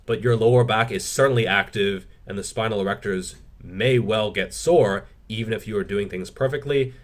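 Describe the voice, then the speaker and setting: A man answering viewer questions in a casual Q&A, reading each one aloud and then replying frankly, swearing freely. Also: on the low side. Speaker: fitness YouTuber.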